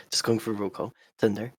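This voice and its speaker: A man's voice: fairly low pitch, flat delivery, normal speed, darkish tone, husky, no echo. A man running a tabletop game as game master, keeping things moving with casual chat and dry, wry humor.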